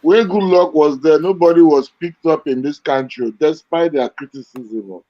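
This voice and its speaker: A man's voice: on the high side, moderate pace, mellow, dry recording. A man on a talk show panel, firmly contradicting another speaker over a dull remote line. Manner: firm, contradicting.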